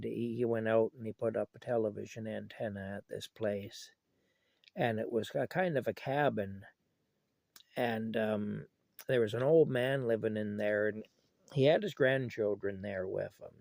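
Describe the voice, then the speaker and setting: A man's voice: lowish voice, gravelly, darkish tone, no echo. An older man telling family stories in a rambling, folksy, chuckling way while feeling unwell. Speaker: vlogger. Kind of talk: casual storytelling.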